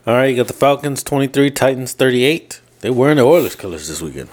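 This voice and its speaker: A man's voice: medium pitch, big pitch swings, quick pace, a little mellow. Man reading out game scores. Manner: brief, reads out game scores. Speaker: podcast co-host reading scores. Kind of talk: casual sports chat.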